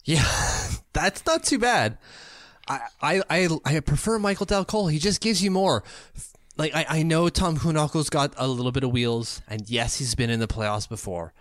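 A man's voice: on the high side, moderate pace, a bit bright, no room sound. A man co-hosting a hockey podcast in casual sports chat, rambling and joking as he goes. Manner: rambling, joking, restarts words.

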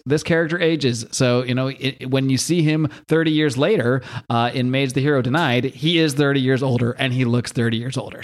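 A man hosting a podcast, casually recapping a comic book in a rambling, chatty way with fillers and swearing. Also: medium pitch. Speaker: podcast host.

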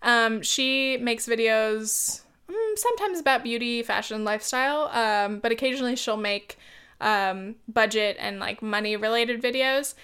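Rambling, smooth-voiced young woman vlogger. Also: fairly high pitch, a little slow, a bit bright. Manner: rambling, filler-heavy, with many ums and likes. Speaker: YouTuber. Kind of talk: casual chat to camera.

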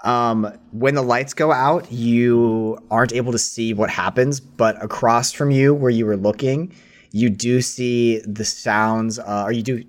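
A man's voice: medium pitch, steady tone, a little slow. A man narrating as game master in casual, hesitant speech full of fillers.

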